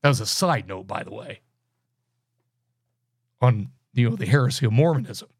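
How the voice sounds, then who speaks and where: A man teaching through a Bible book verse by verse, emphatic, with loud bursts and low asides. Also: lively intonation, moderate pace, creaky, slightly rough, no room sound, studio quality.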